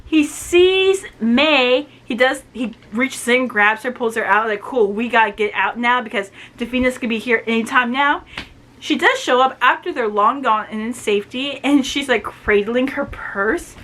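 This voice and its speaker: A woman casually recapping a novel's plot, retelling scenes with quick asides and quoted dialogue. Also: fairly high pitch, sharp tone. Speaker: book reviewer.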